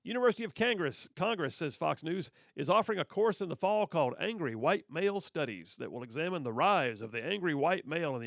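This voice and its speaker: Reading news items on conservative talk radio, this man needles his audience with sarcastic, teasing comments. His voice is a little high with vocal fry, captured dry on a studio microphone.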